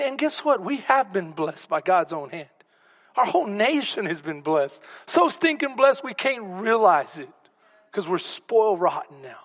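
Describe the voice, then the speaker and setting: A pastor preaching in a rather high voice, telling personal stories with open emotion and now and then dropping to a whisper. His sermon carries a long reverb, as if recorded in a big church hall. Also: fairly bright tone. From Texas. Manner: storytelling, emotional, whispers for emphasis.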